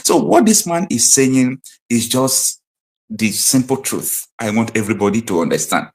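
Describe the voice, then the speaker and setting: A man's voice: medium pitch, sing-song, moderate pace. A man with a Nigerian accent hosting an online political commentary show, talking emphatically and repeating his points. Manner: emphatic, repetitive, preaching tone. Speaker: host.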